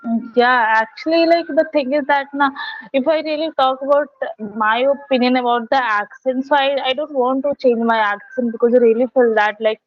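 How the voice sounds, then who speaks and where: A woman's voice: high voice, steady tone, a little fast. A woman with an Indian English accent from Bihar, tutoring in casual conversation practice, casually groping for how to phrase her questions over a video call. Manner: casual, gropes for question wording. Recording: dull, dry video call audio.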